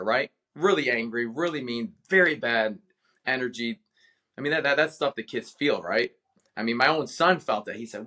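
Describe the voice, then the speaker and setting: A male podcast guest from Cleveland with a mid-pitched voice recounts a personal story in a casual interview. He speaks with passion and lively storytelling energy. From Cleveland, Ohio, USA. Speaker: guest author, retired veteran.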